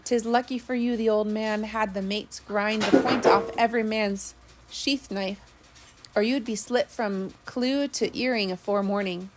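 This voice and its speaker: A woman's voice: mid-range voice, steady tone, unhurried, background noise, natural voice. A woman voicing a gloomy old sailor with old-fashioned sea talk. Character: gloomy old-salt sailor, man, foreboding.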